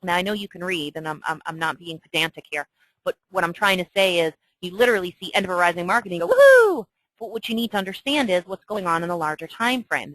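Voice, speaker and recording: A woman's voice: lowish voice, sharp tone, no room sound, low-quality recording. A woman teaching stock chart reading in a chatty, emphatic way, often checking in with "okay?". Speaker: trading instructor. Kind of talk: screen-share trading tutorial.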